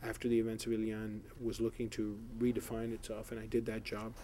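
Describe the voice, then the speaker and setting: Middle-aged guy from south florida, dark mellow voice, lots of uh and um. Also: on the low side, monotone, a little fast, a little hiss or hum. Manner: rambling, many fillers and restarts. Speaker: political candidate. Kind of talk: editorial board interview.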